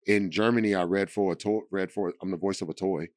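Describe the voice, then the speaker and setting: A man's voice: quick pace, no echo, clean studio sound. A man in his thirties, a voice actor and podcast guest, chatting and telling stories with big swings into quoted voices. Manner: animated storyteller, slips into quoted voices and big pitch swings. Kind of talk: casual chat.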